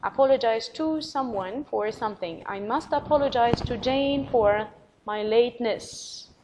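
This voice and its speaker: Spelling out words letter by letter and saying them again slowly, an encouraging woman teacher with an Arabic accent leads a recorded English vocabulary lesson. She has a fairly high pitch, and there's noise in the background.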